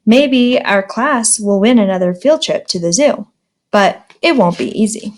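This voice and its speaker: A woman's voice: mid-range voice, lively intonation, a little slow, a little mellow. A woman teacher reading a children's storybook aloud in a friendly, plain manner.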